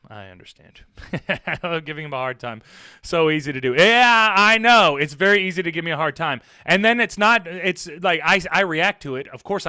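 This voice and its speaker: High, bright-voiced man chatting casually. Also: dry recording. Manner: rambling, profane, teasing, laughs often. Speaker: streamer chatting with viewers. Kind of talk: casual live-stream chat.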